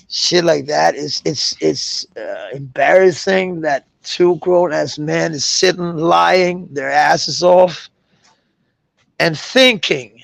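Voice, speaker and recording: A man's voice: a little high, gravelly, no room sound. A middle-aged man vlogging a rambling, profane rant, mocking his targets and chuckling between jabs. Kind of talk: ranting vlog monologue.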